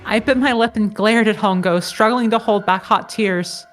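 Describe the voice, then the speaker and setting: A woman's voice: mid-range voice, normal speed, hardly any pauses, soft background music. A woman co-hosting a podcast, reading a visual novel's first-person narration in an earnest storytelling manner. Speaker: podcast co-host.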